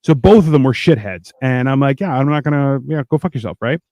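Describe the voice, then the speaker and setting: A man's voice: medium pitch, animated, a little fast, dark tone, dry recording, lo-fi sound. A man on a casual podcast chat, blunt and crude, telling jokey stories. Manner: jokey, storytelling. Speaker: podcast co-host.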